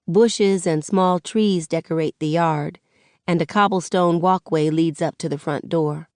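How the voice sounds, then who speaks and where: A woman narrating an audiobook in the first person, with relaxed, conversational storytelling. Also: on the low side, a little slow, no echo, clean studio sound.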